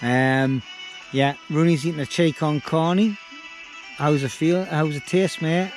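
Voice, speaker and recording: A man's voice: fairly high pitch, fairly even intonation, unhurried, low-quality recording. A middle-aged man, chatting casually to his handheld camera at an outdoor beach camp at night, rambling and self-deprecating. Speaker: bushcraft vlogger. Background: music playing.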